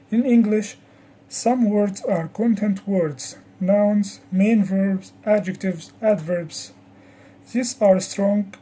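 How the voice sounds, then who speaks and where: A woman teaching an English pronunciation lesson, saying the example words slowly with careful, exaggerated articulation. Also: medium pitch, dark tone, breathy edge. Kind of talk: scripted lesson.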